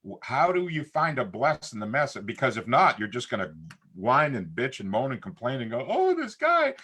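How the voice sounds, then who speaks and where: A man's voice: medium pitch, normal speed, slightly rough. A middle-aged man in casual conversation as a talk show guest, telling stories and acting out what people said. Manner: animated storyteller who acts out quotes.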